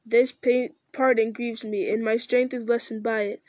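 A woman's voice: a little high, level tone, normal speed, darkish tone, no room sound, close to an everyday voice. A woman voicing an old male king taking a grave, sorrowful leave.

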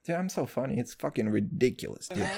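Animated young man riffing profanely. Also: vocal fry, heavy background noise. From Israel. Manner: profane, excitable, riffing with sudden jumps in pitch. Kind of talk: rambling comedic monologue.

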